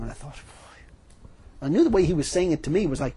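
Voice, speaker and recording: Folksy, animated middle-aged man preaching. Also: fairly high pitch, fast talker, husky. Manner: folksy storytelling, emphatic, laughs often. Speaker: pastor. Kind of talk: sermon.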